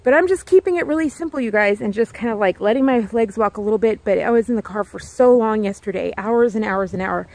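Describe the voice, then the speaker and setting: A chatty woman vlogger talking casually outdoors by her home. Her voice sits a bit on the high side, and she rambles, circles back and fills her sentences with "like" and "you guys.". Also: fast, hardly any pauses, darkish tone, no echo. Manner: chatty, rambling, repeats herself, many "like"s. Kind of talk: casual vlog chat.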